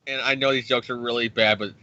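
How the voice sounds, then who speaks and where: Excitable, profane man recapping comics. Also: mid-range voice, quick pace. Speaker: podcast co-host. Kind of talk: casual comic book recap. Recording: dry, dull lo-fi sound.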